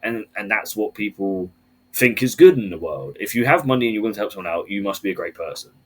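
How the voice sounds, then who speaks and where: A man with a fairly low voice chats on a podcast in an animated, swear-heavy rant. He keeps his talk loose and casual, full of fillers, and drives each point hard. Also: fast. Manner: animated, profane ranting.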